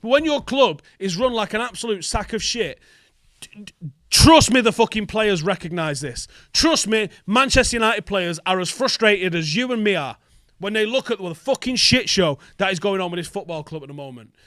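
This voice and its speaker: A man's voice: sits high, lively intonation, moderate pace, fairly bright tone, no echo, studio quality. A young man hosting a football fan vlog, ranting in an angry, sweary, emphatic way. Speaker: football fan channel host.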